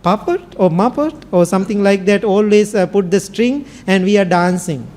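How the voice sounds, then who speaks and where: Sri Lankan monk, high mellow voice. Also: male voice, normal speed. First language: Sinhala. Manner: storytelling with simple non-native English phrasing. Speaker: Buddhist monk teacher. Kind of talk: dharma talk.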